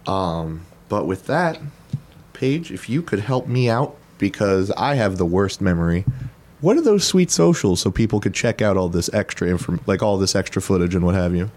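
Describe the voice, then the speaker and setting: A man's voice: sits low, animated, moderate pace, darkish tone. A man co-hosting a podcast in casual chat, laid-back and joking, swearing now and then. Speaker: podcast co-host.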